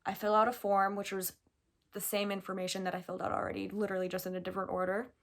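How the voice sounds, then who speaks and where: A young American vlogger races through a personal story told straight to camera, her medium-pitched voice chatty and animated. Casual fillers pepper her account as she relives each step, giving it a loose, unscripted vlog feel.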